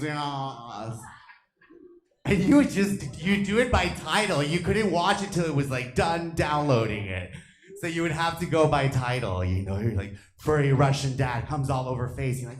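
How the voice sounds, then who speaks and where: A man in his thirties doing a stand-up comedy set on stage, flamboyant and camp, breaking into loud shrieks. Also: mid-range voice, a little slow. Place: comedy theater stage with live audience. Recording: echoey live comedy room.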